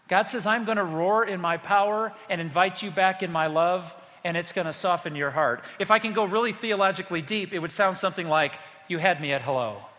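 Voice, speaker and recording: A man's voice: high voice, sharp tone, in a large hall. A man preaching a sermon as pastor, speaking passionately and addressing the congregation directly.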